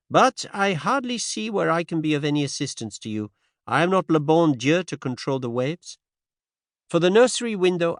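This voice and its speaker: Guy doing a fussy formal old detective, high and sing-songy, bits of french. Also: no room sound, studio quality. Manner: formal, precise, sprinkled with French. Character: Poirot, fussy precise older male detective.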